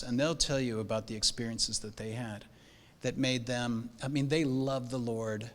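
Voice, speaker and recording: A man's voice: medium pitch, a bit bright. Older man, rambling heartfelt pastor. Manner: rambling, heartfelt, many fillers and restarts. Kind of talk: welcome speech to new parents. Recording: hall with long reverb.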